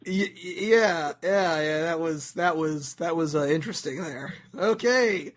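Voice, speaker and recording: A man's voice: fairly high pitch, measured pace. A man hosting a talk show interview, making jokes and often stumbling over his words. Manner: jokey, stumbles and repeats himself. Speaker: host.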